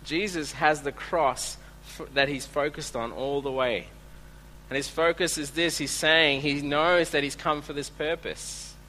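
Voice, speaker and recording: Bright-voiced man preaching a sermon. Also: fairly high pitch, steady tone, unhurried, a little hiss or hum, rough recording. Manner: earnest preaching, reads scripture aloud, swings between soft and emphatic. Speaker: pastor.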